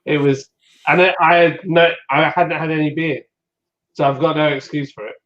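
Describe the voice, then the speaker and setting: A man chatting on a podcast in a fairly high voice, bursting into livelier tones when he quotes people. The sound is dull and lo-fi. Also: normal speed. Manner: animated, acts out quotes in a higher voice. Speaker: podcast host. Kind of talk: casual chat, storytelling. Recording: dull lo-fi audio.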